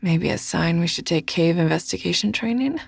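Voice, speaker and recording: An audiobook narrator voicing a blunt young female orc agent who speaks briskly, often in a hushed voice. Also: fairly low pitch, lively intonation, creaky, exaggerated voice. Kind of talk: audiobook character voice.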